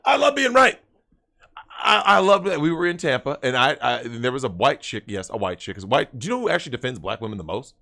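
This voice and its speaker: A man ranting loudly as a guest in crude livestream banter, brash and exaggerated. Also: mid-range voice, very animated, fast talker, vocal fry. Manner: loud, brash, exaggerated rants. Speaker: podcast guest.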